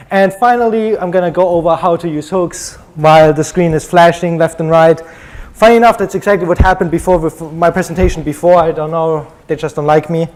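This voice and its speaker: A young man from Germany with a German accent, giving a chatty, joking conference talk full of ums. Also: sits high. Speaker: conference speaker.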